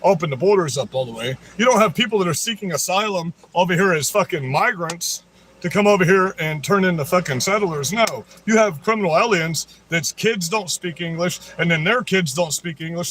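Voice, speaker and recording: High-voiced man, confrontational vlog rant, profane and mocking, faint noise behind. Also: lively intonation, brisk, fairly bright tone. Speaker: political vlogger. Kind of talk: angry direct-to-camera rant.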